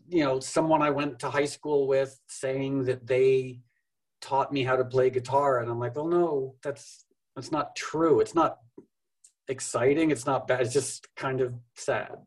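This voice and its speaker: Husky-voiced man, wry and unhurried. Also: medium pitch, low-quality recording. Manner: thoughtful, wry, rambling with self-deprecating humor. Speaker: podcast guest, musician. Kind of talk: casual interview conversation.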